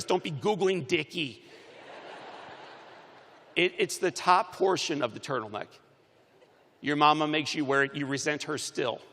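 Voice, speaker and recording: A man giving a commencement speech, telling stories with animated shifts between loud and soft, recorded in a large arena. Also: on the high side, big-room sound. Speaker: commencement speaker. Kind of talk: motivational speech.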